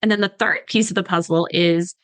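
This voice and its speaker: A woman's voice: lowish voice, fairly even intonation, fairly quick, fairly bright tone, dry recording, low-quality recording. A woman dietitian in her thirties, a podcast guest explaining supplements in an easygoing way, with lots of "like" fillers. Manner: explanatory, many "like" fillers, mimics patients. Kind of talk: podcast conversation.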